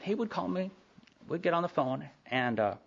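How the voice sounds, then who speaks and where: A man, speaking at a recovery meeting, telling his story in a quick, animated way full of asides. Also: on the high side, creaky. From Sherman, Texas. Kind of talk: personal storytelling talk. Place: meeting hall. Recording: dull lo-fi tape recording.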